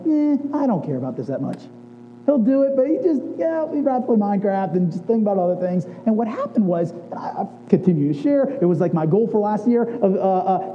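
A man in his thirties, a pastor giving an earnest sermon, telling personal family stories and dropping to quiet emphasis. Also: high-pitched. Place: church sanctuary. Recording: dull recording in a large reverberant hall with faint hum.

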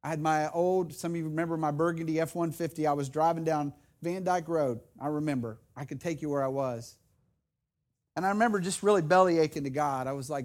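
A middle-aged man preaching a sermon as pastor, earnest and personal, building to loud emphatic repetition. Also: a little high, fairly quick. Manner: earnest, personal storytelling with restarts.

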